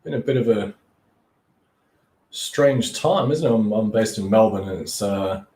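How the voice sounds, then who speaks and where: A man's voice: fairly low pitch, unhurried, dark tone, reverberant. A man hosting a live stream and giving casual coaching tips in an easygoing, chatty way. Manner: easygoing and chatty, with frequent restarts and "you know".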